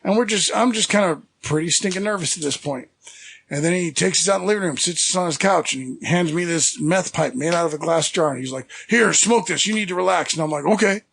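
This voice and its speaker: High-voiced man telling rambling stories. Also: fast talker, vocal fry, fairly bright tone, a little hiss or hum. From San Francisco Bay Area. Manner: rambling, self-deprecating, acts out quotes. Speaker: podcast guest. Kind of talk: casual storytelling.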